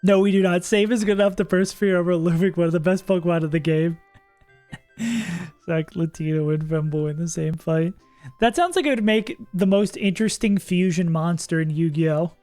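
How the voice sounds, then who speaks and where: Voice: medium pitch, normal speed, a little mellow, dry recording, soft background music. Chatty streamer thinking aloud, dry sound. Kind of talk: casual livestream commentary.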